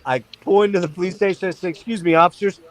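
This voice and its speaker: A middle-aged man hosting a stream, telling a wild story in a casual, animated and profane way. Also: high-pitched, racing, poor audio. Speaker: stream host.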